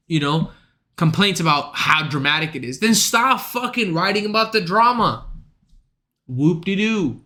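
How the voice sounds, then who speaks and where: A man's voice: high-pitched, sharp tone. A man streaming live and ranting to his chat in a casual, profane and exasperated way.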